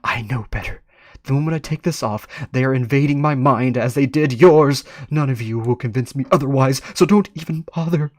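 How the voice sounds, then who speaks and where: A man's voice: mid-range voice, brisk, no echo, clean studio sound, natural voice. A man voicing a grumpy, paranoid young man who is sure of a conspiracy and speaks in an indignant, defensive tone.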